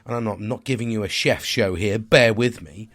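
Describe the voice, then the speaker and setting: A man's voice: on the low side, fairly quick, fairly bright tone. A man, talking in a casual, rambling vlog monologue. He swears constantly, sounds stressed and tired, and is hard on himself. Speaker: vlogger.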